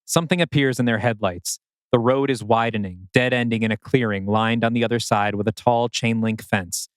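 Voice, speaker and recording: A man reading scripted narration for an audio drama in a measured, wry manner. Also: medium pitch, smooth, dry recording, clean studio sound.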